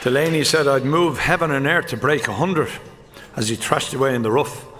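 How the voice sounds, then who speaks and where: Live in an echoing hall, a man from Ireland delivers deadpan golf one-liners as a stand-up act, jumping rapidly from character to character. His pitch is medium, and the crowd's laughter and chatter come through around him.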